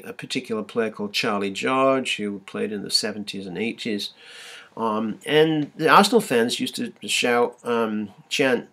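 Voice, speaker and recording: A man's voice: mid-range voice, fairly bright tone. A man giving a recorded university lecture, talking with many fillers and restarts and sometimes singing out short chants in a raised voice.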